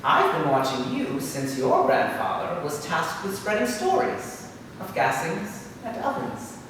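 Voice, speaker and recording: A man's voice: on the high side, huge pitch swings, a little slow, a bit bright, slight background noise, full character voice. A man voicing a grandiose, mocking male Satan on a live theater stage. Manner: grandiose, gloating, mock-theatrical. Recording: echoey live theater from far off.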